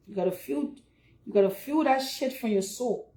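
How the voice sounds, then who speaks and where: Liberian woman streamer, high voice, chatty, preaches about giving. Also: moderate pace, mellow. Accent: Liberian English. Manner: chatty and preachy, urging donations. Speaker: livestream host. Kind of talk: casual livestream chat.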